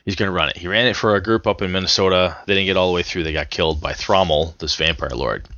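A man with a very low voice and a bright, forceful edge to it, talking casually on a podcast. He rambles through his story, restarting sentences as he goes. The sound is dry but a little dull and lo-fi. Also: fast talker, no room sound. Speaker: podcast co-host. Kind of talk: casual chat about tabletop gaming.

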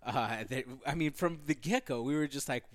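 A man's voice: medium pitch, normal speed. A man hosting a casual podcast chat, blunt and opinionated, restarting his sentences and swearing. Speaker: podcast host.

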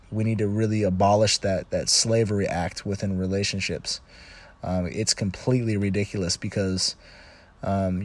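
A middle-aged man talking casually about relationships, rambling and restarting, and often acting out clips in quoted voices. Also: on the low side. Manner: rambling, with frequent restarts and asides; retells video clips in animated quoted voices. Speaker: commentator on relationships. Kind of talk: casual monologue.

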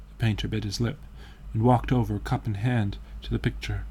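A man narrating a classic novel as an audiobook, in a measured, even way. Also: fairly low pitch, husky.

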